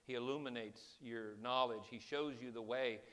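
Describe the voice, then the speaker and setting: A man preaching a sermon as pastor, swinging between hushed, quiet passages and loud, impassioned ones. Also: mid-range voice, fairly even intonation, normal speed.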